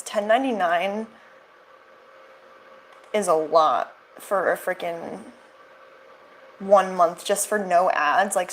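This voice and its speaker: A woman's voice: mid-range voice, slight background noise, rough recording. A young woman hosting casual reaction commentary, sarcastic and rambling, full of fillers and restarts. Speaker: commentary channel host.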